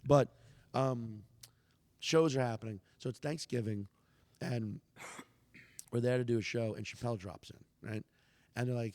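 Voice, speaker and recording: Male comedian, gravelly, animated storyteller who swears freely, long reverb. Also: medium pitch, a little slow, long pauses. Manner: animated, swearing, acts out quoted lines. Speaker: comedian guest. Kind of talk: casual storytelling in conversation.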